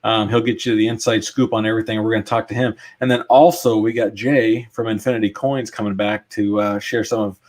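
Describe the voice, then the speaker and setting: A man's voice: on the low side, flat delivery, a little fast, few pauses, a little mellow. A man co-hosting a chat show, joking and bantering in a laid-back way. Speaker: co-host. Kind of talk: casual chat.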